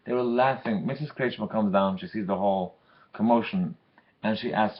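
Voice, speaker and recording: A man telling a story for a weekly Torah lesson in a lively way, acting out the characters. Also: lowish voice, moderate pace, muffled recording.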